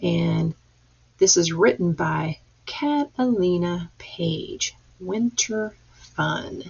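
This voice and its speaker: A woman's voice: on the low side, expressive, very slow, creaky, darkish tone, husky. A woman teacher leading a reading lesson for young children, patiently sounding out letters and words. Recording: dull lo-fi recording.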